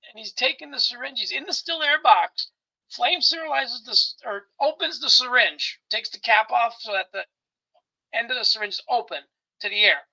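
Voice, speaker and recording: A man chatting casually as co-host, laughing often and ranting excitedly through his stories. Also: very high voice, normal speed, lo-fi sound. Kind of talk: casual chat.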